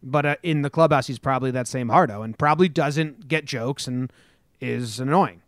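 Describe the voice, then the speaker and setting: A man's voice: mid-range voice, moderate pace, no echo, studio quality. A man from New Jersey hosting a casual sports talk podcast, telling stories in a rambling way and swearing freely. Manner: rambling storyteller, swears, acts out quotes. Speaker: podcast host.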